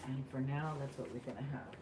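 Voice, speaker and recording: A woman's voice: a bass voice, quick pace, very noisy. A woman giving a chatty, meandering live tarot reading, easily delighted and talking straight to her viewers. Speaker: tarot reader.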